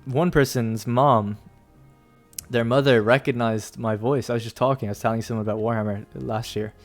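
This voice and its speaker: A young man talks his way through a strategy game stream, chatty and loose, often trailing off into laughs. His voice sits in a middle pitch, with faint music playing underneath. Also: fairly even intonation, normal speed. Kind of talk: casual gameplay commentary.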